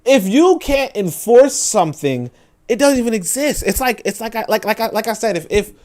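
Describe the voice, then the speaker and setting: A young man hosting a book-reading show, giving animated casual commentary, full of restarts and mocking acted-out voices. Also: high voice, normal speed. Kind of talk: casual commentary on read passages.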